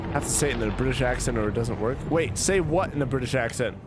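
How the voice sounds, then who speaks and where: A drunk man streaming a story game, rambling, swearing and chatting with his viewers. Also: mid-range voice. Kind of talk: casual let's-play commentary.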